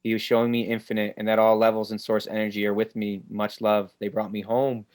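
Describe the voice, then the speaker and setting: A man with a low, fairly flat voice hosts a spiritual ceremony over a video call. He speaks in an earnest, reflective way and reads the group's comments out loud. He keeps a steady, even delivery. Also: a little fast. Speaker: ceremony host.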